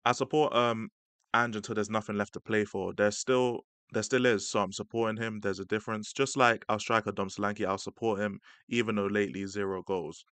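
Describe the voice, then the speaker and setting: A man's voice: lowish voice, fairly even intonation, a little fast, a bit bright, clear, resonant tone, no echo. A young man hosting a casual live-stream reaction, chatting in slang and laughing often. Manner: laid-back slang-heavy chat, laughing often. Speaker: stream host reacting to a clip.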